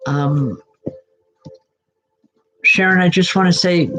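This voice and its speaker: A woman working as a psychic medium, giving live spirit readings in a reassuring way, often breaking into soft laughter. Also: fairly low pitch, measured pace, pauses often, rough recording.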